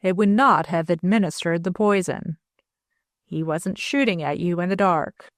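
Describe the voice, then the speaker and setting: A woman reading aloud, voicing a calm gentleman who reasons slowly and deliberately. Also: lowish voice, dry recording, clean studio sound, close to an everyday voice. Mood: measured. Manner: deliberate, measured.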